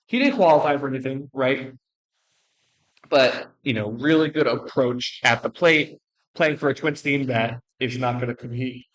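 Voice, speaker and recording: A young man ranking baseball players in casual commentary, blunt and joking, rambling with restarts and quick apologies. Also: medium pitch, a bit bright, low-quality recording. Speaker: baseball video creator.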